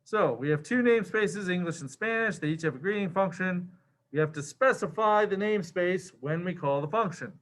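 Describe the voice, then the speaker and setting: A man's voice: high voice, expressive, brisk, a bit bright. A man teaching a programming lesson in a casual, slangy way, with many fillers as he walks through code. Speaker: programming instructor. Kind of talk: screen-share coding lecture.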